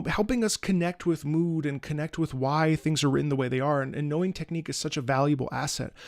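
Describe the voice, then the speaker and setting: Gravelly, earnest man streaming. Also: on the high side, dry recording, studio quality. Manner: rambling, repeats words and restarts often; earnest, swears casually. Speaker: streamer reacting to music. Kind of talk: casual livestream chat.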